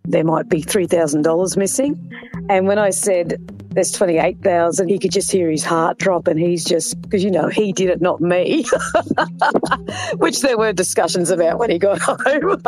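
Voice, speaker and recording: A woman, an interviewee telling in a chatty, animated way how she and her partner were scammed. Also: on the low side, low-quality recording. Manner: chatty, animated storytelling with laughs. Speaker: interviewee, scam victim. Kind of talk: emotional retelling in an interview.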